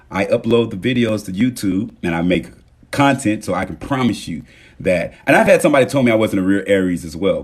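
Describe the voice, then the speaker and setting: A man hosting a casual motivational livestream, talking straight to his viewers and thanking them, swinging between loud emphasis and soft murmurs. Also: fairly low pitch, slightly rough. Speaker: livestream host.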